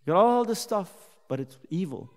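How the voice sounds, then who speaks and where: This man's high-pitched voice moves at a normal speed as he runs a youth Bible study in a church hall, the sound trailing off in long hall reverb. He keeps things conversational and animated, then delivers God's words from scripture with real emphasis.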